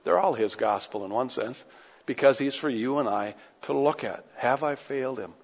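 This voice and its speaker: A man's voice: medium pitch, normal speed. Impassioned male preacher in an echoey hall. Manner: impassioned, with rhetorical questions. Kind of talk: sermon. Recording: echoey hall, dull lo-fi sound.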